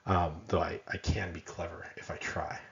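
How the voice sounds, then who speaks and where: A man's voice: low-pitched, level tone, normal speed, creaky, a bit bright, reverberant, lo-fi sound. A man giving a conversational college lecture, often checking in with "right?" and making self-deprecating asides.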